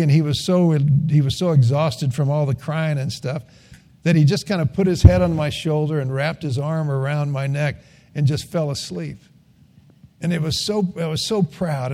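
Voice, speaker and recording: Older man, pastor, sermon, folksy storytelling, mellow voice, slightly high pitch. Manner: storytelling, folksy, rising to earnest emphasis.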